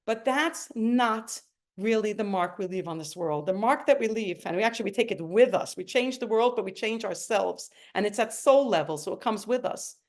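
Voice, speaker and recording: At home, a middle-aged woman shares a personal testimony, telling her own story in an earnest, emotional way. Her mid-range voice is expressive, and she speaks at a moderate pace.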